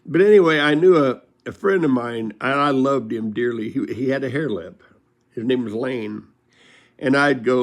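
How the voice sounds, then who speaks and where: A man's voice: mid-range voice, a little fast. Folksy older man telling stories. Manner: folksy, laughs while telling tales. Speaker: storyteller. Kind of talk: casual storytelling.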